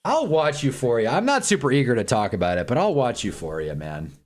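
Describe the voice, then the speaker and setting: Rambling young livestream host. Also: male voice, medium pitch, big pitch swings. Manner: rambling, candid, swears and repeats himself; puts on quick voices for quoted people. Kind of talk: casual chat during a sports watch-along.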